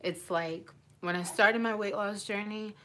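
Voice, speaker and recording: A woman in her twenties, a vlogger, speaks unhurriedly in a mid-range voice with fairly even intonation, background noise audible. Live-streaming casually from home into her phone, she rambles, gets emotional, and often interrupts herself.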